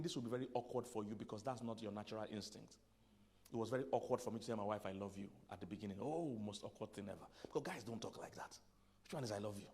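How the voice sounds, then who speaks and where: In a church conference hall, a pastor with a medium-pitched, darkish voice gives a humorous, conversational sermon to men. He laughs at his own punchlines and drops to near-whispers for asides.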